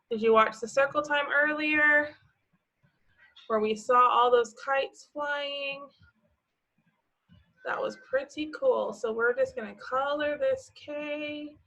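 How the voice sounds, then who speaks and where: Preschool teacher lady, talks real slow and gentle, bright voice, keeps asking the kids stuff. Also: high-pitched, lo-fi sound. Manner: gentle, encouraging, asks children questions then answers. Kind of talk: slow, patient teaching to young children.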